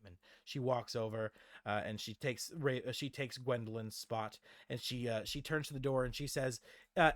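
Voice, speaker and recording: A man narrating a tabletop game as game master, halting with many fillers. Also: medium pitch, fairly even intonation, dry recording, studio quality.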